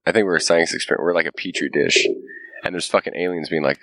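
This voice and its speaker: Brief: very deep-voiced male podcast host, profane and ranting, dry close sound. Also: fast talker, fairly bright tone, no room sound. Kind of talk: casual chat.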